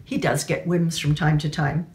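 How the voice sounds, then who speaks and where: A woman's voice: low voice, steady tone, moderate pace, a little mellow, close to an everyday voice. A woman doing a breezy upper-class English lady. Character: chatty elegant English lady abroad, a marquise.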